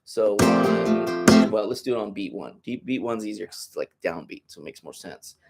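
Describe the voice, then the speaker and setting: Guitar teacher, male, lowish voice, casual rambling explainer who counts beats out loud, with loud guitar playing behind him. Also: animated, fast talker, gravelly. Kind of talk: masterclass demonstration.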